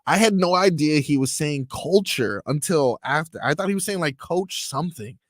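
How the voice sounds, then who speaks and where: A man's voice: a little high, animated, normal speed, dry recording, clean studio sound. A man co-hosting a sports talk radio show, bantering in a wry, self-deprecating way. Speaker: radio co-host.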